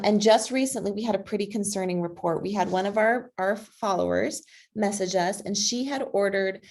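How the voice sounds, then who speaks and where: Woman, video call, persuasive, energetic, filler words, mid pitch. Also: creaky. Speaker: guest speaker, advocacy group president. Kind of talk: conversational online talk.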